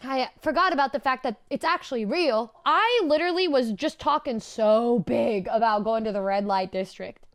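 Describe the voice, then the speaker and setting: High-voiced female streamer, casual storytelling chat, laughs a lot, swears, goes mock-whiny. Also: moderate pace, few pauses. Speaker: streamer and singer.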